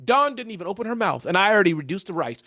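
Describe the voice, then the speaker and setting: An energetic American man giving animated interview answers as a keynote speaker, often addressing the interviewer by name. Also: high voice, racing, no echo, studio quality.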